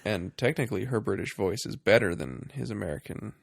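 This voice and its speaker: Gravelly sarcastic man, dry close mic. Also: fairly low pitch, animated, a little fast, no echo. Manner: sarcastic, laughs often, breaks into mocking impressions. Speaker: podcast co-host. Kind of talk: casual movie review chat.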